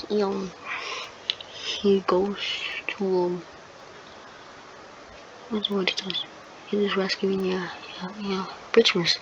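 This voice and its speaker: A woman rambles through an improvised fan-fiction story, pausing and hunting for her next words in a flat, level voice. The recording is dull and lo-fi, with steady noise underneath. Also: mid-range voice. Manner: rambling, hesitant, searching for words. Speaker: channel host.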